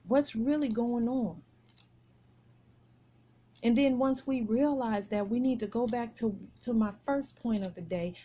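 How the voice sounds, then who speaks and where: A woman's voice: fairly high pitch, dark tone, slight background noise. A middle-aged woman hosting a podcast, talking through a personal story and a faith lesson with emphatic repetition. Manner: emphatic, repeats phrases. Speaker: podcast host. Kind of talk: casual faith talk.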